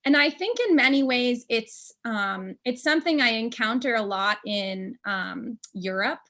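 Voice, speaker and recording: A woman's voice: a little high, unhurried, bright, forceful tone. An American woman, an English teaching expert, talking casually on a panel and thinking aloud with frequent ums. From United States.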